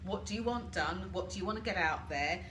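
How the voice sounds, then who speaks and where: A woman's voice: on the low side, a little fast, fairly bright tone. A British woman hosting a live coaching session from home, chatting and asking viewers questions. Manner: chatty, asks listeners reflective questions and greets viewers. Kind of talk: live-stream coaching talk. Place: home, washing machine running nearby. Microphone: laptop or phone camera for a live stream. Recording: roomy home live stream, washing machine hum.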